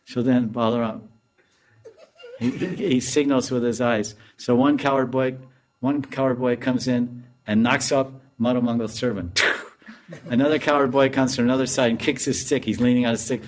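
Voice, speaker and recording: A man, a swami, giving a storytelling lecture in an animated way and laughing often. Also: mid-range voice, normal speed, a little hiss or hum.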